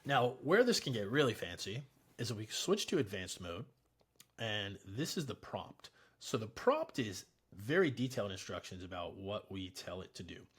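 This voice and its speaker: A man giving a relaxed, chatty software tutorial, explaining each step in a screen recording. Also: on the low side, moderate pace, slightly rough.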